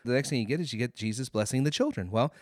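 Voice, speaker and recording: A man's voice: medium pitch, rapid-fire, dry recording, studio quality. A man hosting a podcast, teaching a Bible passage and acting out the quoted lines as he goes. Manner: animated, acts out quoted lines, checks in with "okay?".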